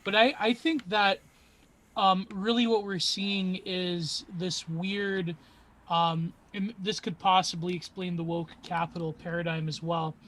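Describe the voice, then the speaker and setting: A man's voice: high voice, flat delivery, a little slow, fairly bright tone. A man in a casual discussion, theorizing at length in wordy terms.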